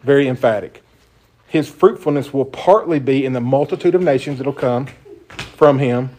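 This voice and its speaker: A man leads an informal Bible study in a conversational, emphatic way. His voice sits at an ordinary middle pitch, and he stresses key points and puts questions to his group. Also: normal speed, warm tone. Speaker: Bible teacher.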